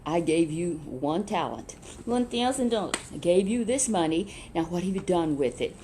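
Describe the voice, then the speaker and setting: A woman's voice: fairly low pitch, expressive, normal speed, warm tone, a little hiss or hum, lightly acted. A woman voicing a middle-aged male master who gives praise freely but turns cold and stern with the lazy one.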